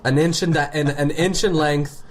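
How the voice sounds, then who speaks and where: A man co-hosting a casual podcast, trading sarcastic jokes and deadpan riffs. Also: on the high side, moderate pace. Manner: joking, sarcastic quips. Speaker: podcast co-host. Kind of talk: casual chat.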